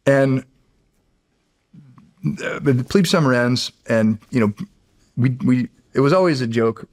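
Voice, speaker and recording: A middle-aged man spinning a casual anecdote with a gravelly, fry-tinged voice. His delivery is animated, with frequent restarts and laughter. His pitch sits at an ordinary middle level. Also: slow, pauses often. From United States. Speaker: podcast guest, former Navy SEAL. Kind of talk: casual storytelling.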